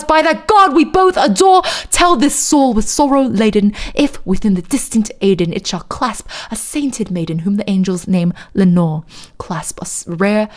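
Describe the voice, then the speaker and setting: A woman streamer doing a dramatic poetry reading in a put-on posh British accent, theatrical and drawn out, echoing repeated words. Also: fairly high pitch.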